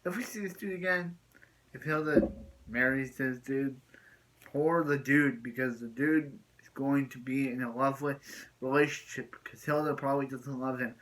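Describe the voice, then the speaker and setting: A man's voice: medium pitch, sharp tone, low-quality recording. A man giving a casual, rambling spoken recap of a TV episode as a video reviewer, often repeating and restarting his phrases.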